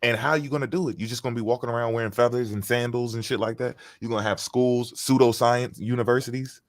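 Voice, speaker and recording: A man's voice: mid-range voice, fairly even intonation, fast, no echo, studio quality. A man in casual chat, mocking and heated as he rants, with frequent swearing. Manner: profane.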